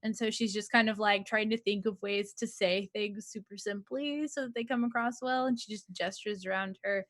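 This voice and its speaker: A woman's voice: medium pitch, fairly even intonation, moderate pace, few pauses, fairly bright tone. A woman player in a tabletop game, talking casually and chattily, often giggling. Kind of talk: casual chat.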